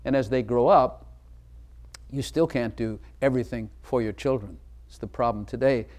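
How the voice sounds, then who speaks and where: A man delivers a sermon to a congregation, hammering his points with emphasis. He stops often to ask listeners questions directly and waits for answers. His voice sits at an ordinary middle pitch. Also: normal speed, darkish tone. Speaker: pastor.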